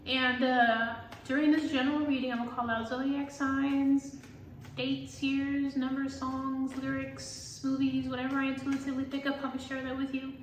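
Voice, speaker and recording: A woman who reads tarot, telling a story in casual vlog chat, animated and full of filler words and swearing. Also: high-pitched, moderate pace, echoey room, distant mic, slight background noise, poor audio. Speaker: tarot reader.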